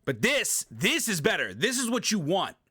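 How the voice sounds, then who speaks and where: A male streamer's high voice carries a breathy edge as he speaks at a moderate pace in a dry, clean studio recording. Giving a casual tutorial from home, he talks past his desk microphone, emphatic and repetitive, swearing and adding animated sound effects.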